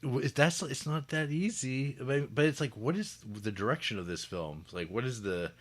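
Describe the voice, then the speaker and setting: A man co-hosting a podcast who asks his partner halting, probing questions about a film. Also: medium pitch, lively intonation. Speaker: podcast co-host. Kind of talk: casual film review chat.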